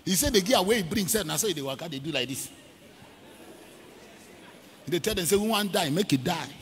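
Preaching a sermon in a large church hall, a man with a Nigerian accent tells a story, acts out the quotes, leads shouted prayers and weaves in pidgin. He is an evangelist with a high, briskly paced voice and lively intonation. The big-hall recording carries a faint hiss or hum.

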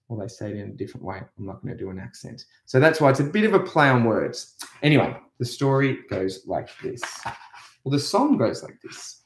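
A man's voice: mid-range voice, very animated. A man with an Australian accent teaching a playful remote music lesson to young children, chatting and leading songs with actions. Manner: chatty, playful, sings and leads actions slowly. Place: echoey room. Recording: echoey room.

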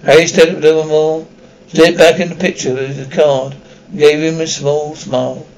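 Gravelly man reading a novel aloud. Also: a little high, fairly even intonation, moderate pace, a little mellow, rough recording. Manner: reads with frequent slips and restarts. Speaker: audiobook reader.

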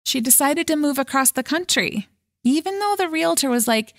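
A woman's voice: normal speed, dry recording, clean studio sound. A woman hosting a motivational podcast as a life coach, talking in a casual, frank way and acting out worried thoughts with big swings in voice. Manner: lively and dramatic, acting out worried thoughts with swings in pitch and pace; casual and frank, with a chuckle now and then.

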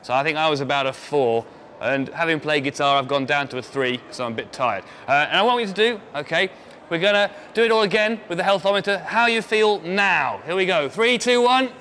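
Bright-voiced male presenter. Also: a little high, brisk, slight background noise. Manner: upbeat, guiding the audience through a vote. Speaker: science show presenter. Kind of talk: live science demonstration.

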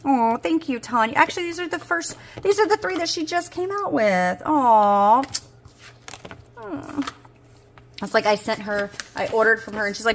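A woman's voice: a little high, lively intonation, normal speed, a little hiss or hum. Gushing woman, squeals with delight. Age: 40s. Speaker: budgeting video host. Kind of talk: casual unboxing chat.

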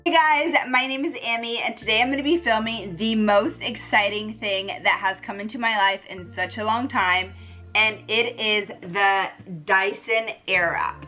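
Bubbly bright-voiced young woman vlogging. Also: medium pitch. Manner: bubbly and excitable, gushing. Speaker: beauty vlogger. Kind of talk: casual vlog chat.

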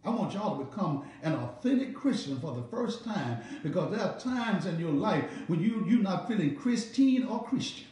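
A man with a Southern American accent, a pastor preaching a Bible study in an animated call-and-response style with repeated phrases. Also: high voice, normal speed, hardly any pauses. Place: church sanctuary. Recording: echoey room, mic at a distance.

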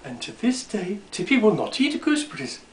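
Animated male storyteller reading aloud. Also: high voice, brisk, echoey room, slight background noise, low-quality recording.

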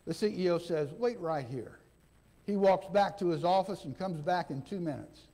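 A man's voice: sits high, normal speed, warm tone. A man preaching a sermon as interim pastor, folksy and conversational, often checking in with the congregation and acting out the quoted dialogue. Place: church sanctuary.

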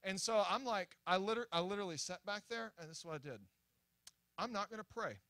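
A young man preaching at a church, telling a story in an animated, excitable way with many restarts and acted-out quotes. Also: high-pitched, fast, no echo. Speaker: guest preacher. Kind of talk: sermon storytelling. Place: church sanctuary.

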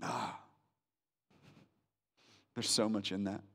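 A male pastor preaching a sermon in a conversational way, slowing down for emphasis and acting out quotes. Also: on the low side, fairly even intonation, breathy edge. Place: church sanctuary. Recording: reverberant church hall.

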